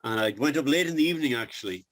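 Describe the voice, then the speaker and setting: A man with an Irish accent, a guest telling his story over a video call in a halting, earnest way. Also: mid-range voice, lively intonation, no room sound. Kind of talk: casual interview on a video call.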